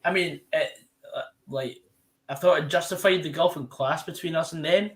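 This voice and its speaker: Scottish lad, 20s-30s, casual watch-along host; rambling, self-correcting delivery. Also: male voice, a little high, moderate pace. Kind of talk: casual live commentary chat.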